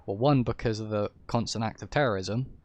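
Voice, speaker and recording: A man's voice: on the low side, fairly quick. A man from England with an English accent, rambling through an opinionated livestream rant and correcting himself as he goes. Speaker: streamer. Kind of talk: casual ranting livestream talk.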